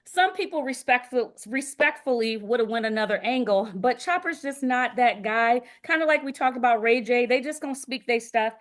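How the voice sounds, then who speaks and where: A woman in her forties from the D.C. area co-hosting a chatty podcast, her voice sitting high. She talks in an animated, playful way and sounds slightly out of breath. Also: normal speed, few pauses. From Washington, D.C. area. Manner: animated, laughing, breaks into singing and impressions. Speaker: podcast co-host. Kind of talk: casual chat.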